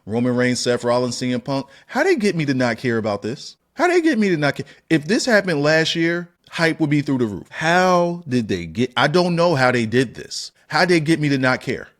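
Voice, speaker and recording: A man hosting a wrestling opinion channel, ranting in an animated, profane way, firing off rhetorical questions and sudden high-pitched exclamations. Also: normal speed, hardly any pauses. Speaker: wrestling commentary channel host. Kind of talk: opinionated solo rant.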